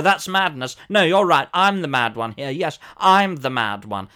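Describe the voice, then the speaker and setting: A man's voice: high-pitched, a bit bright, heavily acted. A man voicing a pompous elderly former soap actor, telling a fussy, theatrical comic story. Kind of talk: comic character monologue.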